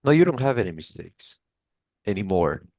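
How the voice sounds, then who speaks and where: Deep creaky-voiced male tutor. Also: big pitch swings, normal speed, darkish tone, no echo. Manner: patient, explains with many restarts and "like". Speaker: English test tutor. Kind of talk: one-on-one lesson review.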